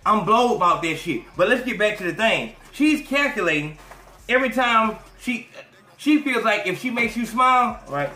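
A man hosting a podcast, giving an animated, profane and mocking commentary rant. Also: high-pitched, moderate pace, reverberant. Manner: animated, profane, mocking, slips into quoted voices. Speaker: podcast host.

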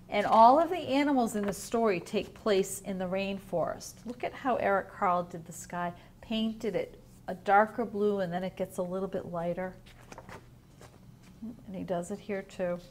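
A woman teacher reading a picture book aloud to young children, drawing out the words and pausing to ask them questions. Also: mid-range voice, a little hiss or hum. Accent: New England. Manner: gentle, drawn-out reading, asks children questions. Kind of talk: storybook read-aloud lesson. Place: at home.

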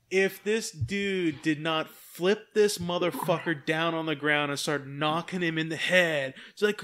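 A man on a casual podcast tells a story with a lot of energy and acts out every voice in it. His voice sits high for a man, and he swears freely as he gets wound up. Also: normal speed, fairly bright tone, a little hiss or hum. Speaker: podcast co-host. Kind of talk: casual chat.

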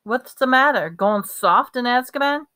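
A woman's voice: a little high, lively intonation, measured pace, sharp tone, clean tone, pitched above the performer's own voice. A woman reading aloud and voicing an enraged thirteen-year-old wizard boy who spits his words bitterly. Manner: spitting, bitter and raging.

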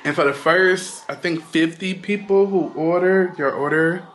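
A man's voice: sits high, unhurried, a bit bright, slight background noise. A man chatting casually to viewers in a vlog, talking straight to them and exclaiming often. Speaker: vlogger. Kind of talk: casual vlog chat to camera.

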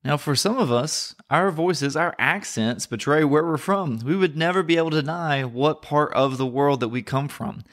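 A man's voice: fairly high pitch, moderate pace, hardly any pauses, a bit bright. Southern American man teaching scripture. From North Carolina, USA. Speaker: podcast host and Bible teacher.

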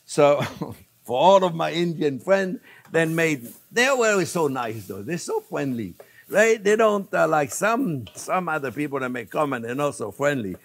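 A man's voice: on the high side, sing-song, a little slow, creaky. An older man from France with a French accent, hosting a casual cooking demonstration, chatty and self-amused, often calling viewers friends. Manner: chatty, repeatedly calls viewers friends, laughs at himself. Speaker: cooking show host.

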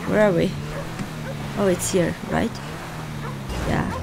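A woman giving casual let's-play commentary, excitable and cheering on or scolding her character. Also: on the low side, slow pace, gravelly, background noise. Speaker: gaming channel host.

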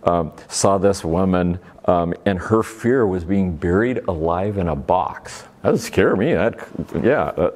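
A man's voice: low-pitched, darkish tone. A middle-aged man from Oregon giving a faith-based talk to a live audience, telling homey stories in a playful, folksy way. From Oregon, USA. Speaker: speaker at a faith-based recovery ministry event.

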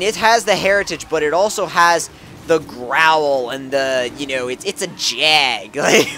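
A man giving rambling, casual let's-play commentary as a gaming channel host, chuckling between thoughts and breaking into sudden excited outbursts. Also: high voice, a little hiss or hum.

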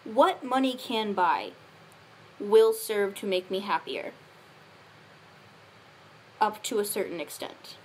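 A woman's voice: medium pitch, animated, slow, pauses often, a little hiss or hum. A young woman vlogger talking casually and thoughtfully to camera, musing with fillers. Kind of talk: casual reflective talk to camera.

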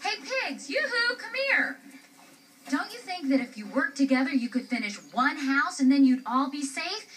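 Woman voicing a friendly kitty host, high lively voice, coaxing, puppet show, distant mic with noise. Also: normal speed. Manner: eager, coaxing. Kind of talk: children's puppet show acting.

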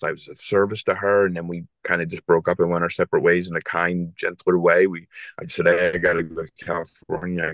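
A man in his forties from South Philadelphia, a podcast guest telling an emotional personal story in an earnest, halting way with many restarts. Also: low-pitched, fairly bright tone, dry recording. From South Philadelphia, USA. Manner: earnest, halting, repeats himself.

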